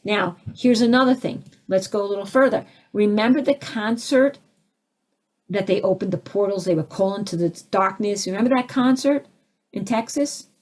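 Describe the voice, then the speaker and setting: A woman teaching a spiritual session in an animated, conversational way, answering audience questions as they come in. Her pitch sits mid-range for a woman. She jumps into acted voices of the people she describes, swinging up high and then dropping back down.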